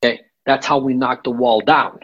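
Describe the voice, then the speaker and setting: A man's voice: medium pitch, fairly even intonation, moderate pace, a bit bright, slightly rough, highs cut off. A man working as a sales coach, explaining techniques step by step in a podcast interview and checking in with "okay?". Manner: instructive, repeats "okay?" to check in.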